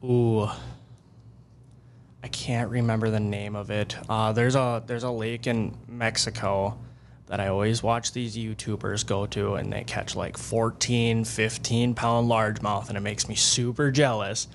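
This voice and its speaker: A man being interviewed as a guest angler. He tells fishing stories in an excitable, animated way. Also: on the low side, measured pace, slight background noise. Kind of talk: casual storytelling interview.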